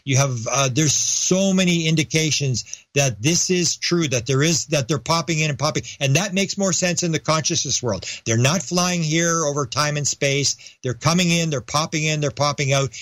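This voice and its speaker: A man's voice: on the high side, a bit bright, dry recording. A man talking as a podcast guest in casual interview chat. He rambles, restarts his sentences, and slips into raised voices when he acts out quoted dialogue.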